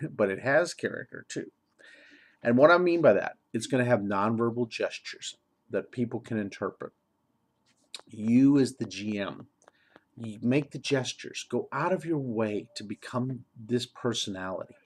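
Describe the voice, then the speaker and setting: A man talking casually as a game master giving advice, rambling and correcting himself, chuckling often. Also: medium pitch. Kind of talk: casual tutorial monologue.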